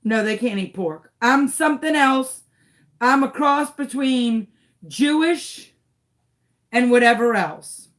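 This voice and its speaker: Her voice is fairly high and fairly bright, and she talks slowly. A crafting channel host, she tells a story to camera with dramatic exasperation that swings into shrieks.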